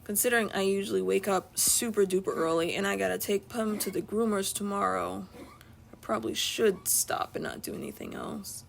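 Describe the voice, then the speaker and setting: A woman's voice: medium pitch, fairly even intonation, moderate pace, gravelly, slight background noise. A young woman chatting casually while she draws on a live stream at home, rambling and laughing often. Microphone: streaming from an iPad.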